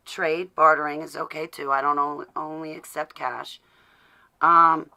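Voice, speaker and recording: A woman's voice: low voice, gravelly, bright, forceful tone. A woman vlogger in a rambling, sarcastic live video from home, greeting viewers by name as she talks. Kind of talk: casual rambling political rant.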